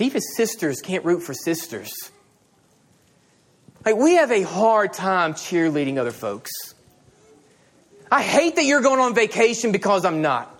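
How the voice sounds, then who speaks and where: A middle-aged man preaching a sermon as a pastor, animated and telling stories with quoted dialogue. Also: high-pitched.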